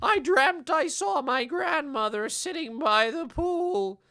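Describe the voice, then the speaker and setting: A sobbing high-voiced older self-help guru. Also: male voice, animated, sharp tone, full character voice. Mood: weepy. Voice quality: tearful quavering sob in the voice. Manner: slow, drawn-out wailing delivery. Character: weepy older male self-help author, whimpering and self-pitying.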